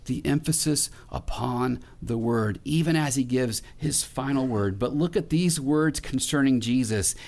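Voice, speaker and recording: A middle-aged male pastor preaching a sermon in a conversational way, with restarts and questions put to the congregation. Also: mid-range voice.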